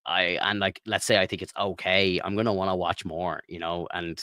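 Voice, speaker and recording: Deep-voiced relaxed podcast man. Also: moderate pace, dry recording, clean studio sound. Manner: relaxed, rambling, lots of "like" and "you know". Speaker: podcast co-host. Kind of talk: casual chat.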